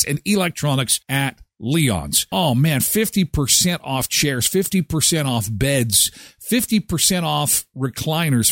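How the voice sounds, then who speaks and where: A man hosting a casual morning radio show, reading ads and joking about the news in an animated way. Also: mid-range voice, dry recording, studio quality. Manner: animated, jokey, acts out voices. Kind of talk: casual morning show chat with live ad reads.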